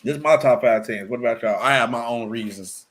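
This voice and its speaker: A man's voice: medium pitch, a little fast, a little hiss or hum. A man hosting a casual sports chat with friends, laid-back and chatty, laughing often. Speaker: podcast host. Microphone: headphones on, live call setup.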